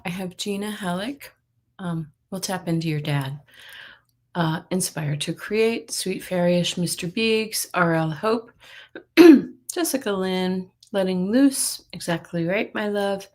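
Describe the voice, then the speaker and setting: A middle-aged woman hosting a psychic live stream, chatting casually and greeting viewers by name. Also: lowish voice. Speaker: psychic livestream host.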